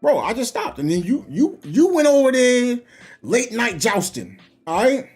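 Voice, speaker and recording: A man's voice: extremely high pitch, big pitch swings, measured pace, darkish tone, husky, soft background music. A young man, chatting casually and animatedly about online gaming, laughing often and using slang. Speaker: gaming streamer. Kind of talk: casual chat.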